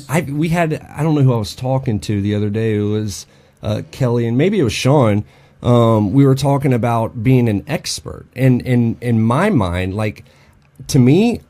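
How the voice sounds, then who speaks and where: A man's voice: medium pitch, mellow. A man hosting a casual podcast conversation, blunt and profane, with many fillers and restarts. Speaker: podcast host and dog trainer.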